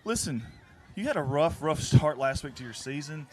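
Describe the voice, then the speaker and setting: A man hosting a live stream, talking earnestly after a high school football game. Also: animated, moderate pace, slight background noise. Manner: warm, earnest, repeats himself. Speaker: stream host. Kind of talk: casual postgame chat.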